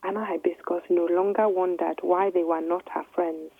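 A woman reading a children's story aloud in gentle, measured narration. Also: on the low side, steady tone, vocal fry, husky, no room sound. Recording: dry, tinny phone-like line.

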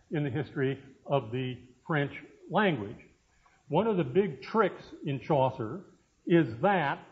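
Man in his 60s, professor giving a chatty classroom lecture, slightly high voice, dull lo-fi recording. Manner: conversational, frequent "uh" fillers, asides to students. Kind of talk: university lecture.

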